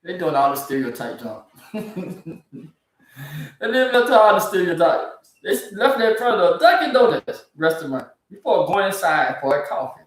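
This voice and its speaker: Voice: medium pitch, very animated, brisk. A speaker, ranting disbelievingly about odd news stories in a casual comedic commentary. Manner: incredulous, ranting, laughs often. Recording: very echoey, from far off the mic.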